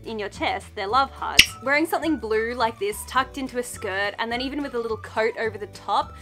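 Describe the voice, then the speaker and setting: A woman's voice: a little high, fairly quick, over loud music. A young woman with an Australian accent chatting through a clothing haul in a bubbly, gushing, playful way. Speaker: fashion vlogger. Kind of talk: casual thrift haul chat.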